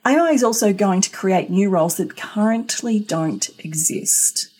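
An Australian middle-aged woman hosts a solo business podcast, speaking emphatically and conversationally with rhetorical questions. Her mid-range voice is animated yet a little slow, slightly mellow and husky.

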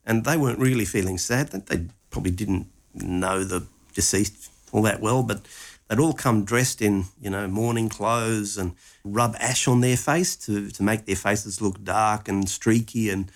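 A man's voice: fairly low pitch, fairly even intonation, unhurried. A man retelling a Gospel story conversationally, acting out its lines with animation.

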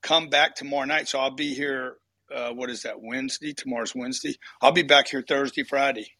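A man's voice: medium pitch, steady tone, bright, forceful tone, dry recording. A man in a live chat room, blunt and direct, firing off short questions. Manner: blunt, rapid-fire questioning.

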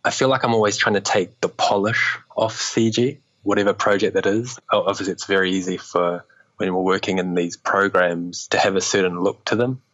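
Husky low-voiced New Zealand man. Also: steady tone, a little fast, fairly bright tone, highs cut off. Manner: rambling, many restarts and fillers, laughs often. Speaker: animation director guest. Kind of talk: relaxed conversational interview.

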